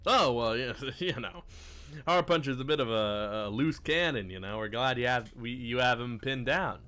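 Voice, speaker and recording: A man's voice: medium pitch, expressive, normal speed, sharp tone. A man voicing a chatty, friendly male detective who rambles and says "you know" a lot.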